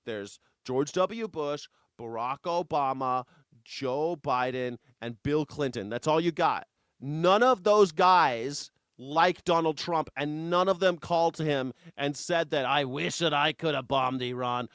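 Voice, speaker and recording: A man hosting a live news reaction show, profane and mocking, at times slipping into a soft taunting croon. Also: fairly high pitch, slow, clean tone, no room sound, clean studio sound. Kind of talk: live political commentary.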